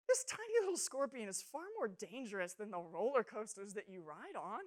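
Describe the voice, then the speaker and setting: A young adult woman speaking to students in a youth sermon, telling funny stories with animated, self-mocking humor. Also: medium pitch, a little fast, few pauses.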